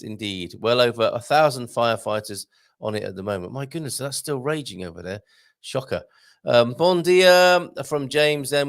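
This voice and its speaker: British guy hosting a chatty morning stream, gravelly lively voice, dry close sound. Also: medium pitch, dry recording. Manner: chatty, jokey, reads comments aloud with asides. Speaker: host. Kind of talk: casual live-stream chat reading viewer comments.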